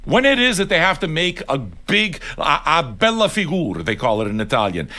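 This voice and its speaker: A man's voice: fairly high pitch, big pitch swings, moderate pace, pushed and bright. An older man hosting a livestream, ranting bluntly and swearing often as he talks straight to his viewers. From Neapolitan heritage. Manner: blunt, sweary and argumentative, addressing viewers directly. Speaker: livestream host. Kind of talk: profane casual rant on a livestream.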